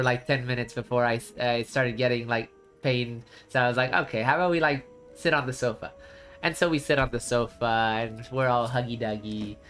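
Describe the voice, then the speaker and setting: A medium-pitched man streams and chats casually with his viewers, telling a long story in an animated, rambling way full of restarts.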